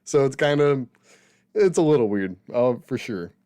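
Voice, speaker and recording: Guy cohosting a movie podcast, smooth clear voice, dry sound, kinda rambly. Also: medium pitch, expressive, moderate pace, dark tone, no echo. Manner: rambling, self-correcting, laughs often. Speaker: podcast co-host film critic. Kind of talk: casual film review chat.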